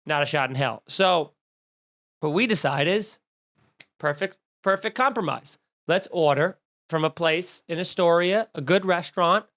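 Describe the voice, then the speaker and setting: A man in his thirties, a comedian on his own podcast, rants through a story with mounting mock outrage. He swears freely, piles up repeated words and swings between deadpan asides and loud indignation. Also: on the high side, a little slow.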